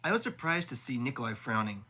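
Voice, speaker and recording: A man's voice: medium pitch, sing-song, fast talker, pushed and bright, slight background noise, poor audio. A man reading a novel aloud live, often stumbling and rereading words. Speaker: audiobook reader.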